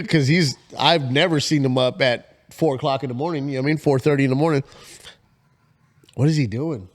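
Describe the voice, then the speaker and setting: A man in his forties, co-hosting a casual podcast, telling a story and acting out the quotes with big jumps in pitch. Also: brisk. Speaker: podcast co-host.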